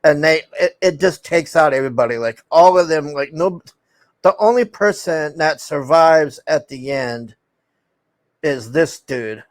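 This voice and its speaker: A man's voice: on the high side, expressive, unhurried, no room sound. Rambling, foul-mouthed man recapping a show. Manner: rambling, profane, full of fillers and restarts. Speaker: TV show reviewer.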